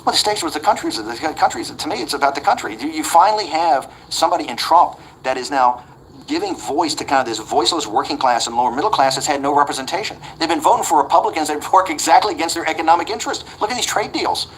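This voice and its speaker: A man in his sixties talks in a fast, pushy rush as an interview guest. He is blunt and combative, stumbling over repeated words as he drives his point. A faint ambient hum sits under the voice. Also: fairly high pitch, expressive, rough recording. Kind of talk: animated interview storytelling.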